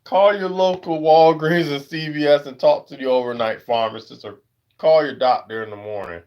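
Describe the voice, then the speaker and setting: An American man hosting a casual livestream chat. He rambles with lots of fillers and jumps into high-pitched voices when he acts out other people. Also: fairly even intonation, moderate pace, lo-fi sound. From United States. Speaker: livestream host.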